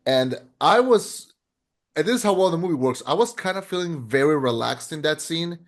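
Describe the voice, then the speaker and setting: A man co-hosting a podcast, chatting casually about a film, animated and rambling with lots of restarts and fillers. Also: fairly high pitch, moderate pace. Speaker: podcast co-host. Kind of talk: casual film review chat.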